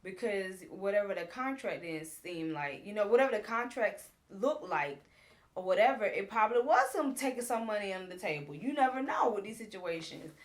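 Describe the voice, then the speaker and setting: A woman co-hosting a casual chat, retelling reality TV scenes at length in an animated, talkative way. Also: medium pitch, normal speed. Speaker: co-host reviewing a reality show.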